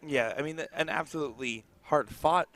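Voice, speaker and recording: A man giving color commentary on a darts stream, chatty and quick to laugh. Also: a little high, a bit bright, slight background noise. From United States. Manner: laughs often, chatty and enthusiastic.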